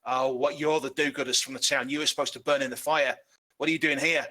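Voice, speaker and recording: A man's voice: mid-range voice, fairly even intonation, fast talker, pushed and bright, close to an everyday voice. A man voicing a desperate male halfling who holds a hostage at knife point, with jittery, stammering threats. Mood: menacing.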